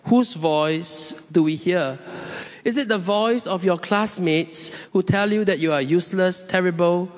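A man preaching a sermon as pastor, asking slow, deliberate rhetorical questions and leading a prayer in a church. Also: high-pitched. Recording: long hall reverb.

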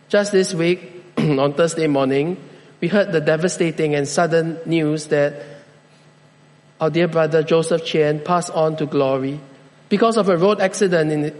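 A male pastor with a high voice delivers a slow, deliberate sermon. He lets his phrases land one at a time with measured pauses. His voice rings out with the long reverb of a large church hall. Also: darkish tone.

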